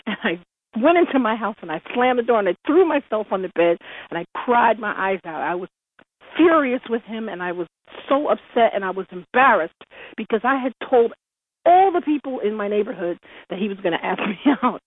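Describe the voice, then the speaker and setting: A woman's voice: a little high, fairly quick, dry recording. Give me a woman telling a story over a phone line. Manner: animated, laughs often while telling. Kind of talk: personal storytelling on a radio show.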